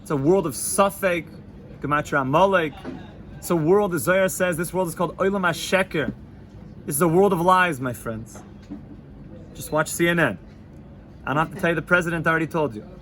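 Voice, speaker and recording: A rabbi gives an informal Torah class, joking and animated as he mixes in Hebrew and Yiddish terms. His male voice sits a touch high. A faint hum of the room lies behind him. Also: fairly quick, pauses often. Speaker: yeshiva rabbi teaching students.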